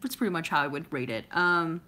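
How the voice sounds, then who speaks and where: A woman's voice: sits low, brisk, sharp tone. A woman from California chatting casually as she answers viewer comments, rambling with lots of filler words and laughing often. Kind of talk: casual chat.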